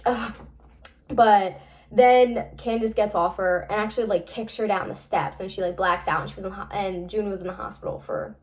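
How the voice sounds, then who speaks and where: A young woman gives a casual spoken rundown of a book she read. Her voice sits in an ordinary middle pitch, and she rambles, piling up fillers and swearing without a second thought. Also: steady tone, moderate pace. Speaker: book reviewer.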